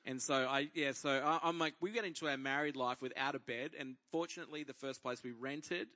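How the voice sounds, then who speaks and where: A man in his thirties preaching, telling a personal faith story to a congregation as an animated storyteller who acts out his own inner dialogue. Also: medium pitch, fairly quick.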